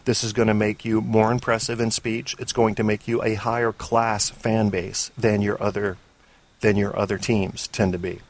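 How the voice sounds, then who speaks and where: A man hosting a casual call-in sports talk show, opinionated and rambling off on tangents, with frequent swearing. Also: lowish voice. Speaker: sports podcast host.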